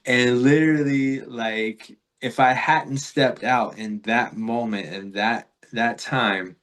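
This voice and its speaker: A man from Florida, a podcast guest, telling a rambling spiritual story in a reflective, casual way with fillers and soft laughs. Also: medium pitch, steady tone, slow.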